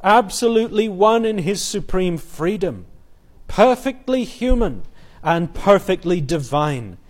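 A man preaching an expository sermon, earnest, building emphasis and quoting scripture in a softer voice. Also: fairly high pitch.

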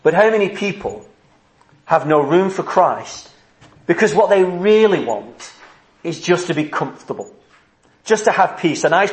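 A man preaching a sermon at a church service, earnest and driving his points home with rhetorical questions. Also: high-pitched. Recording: roomy echo.

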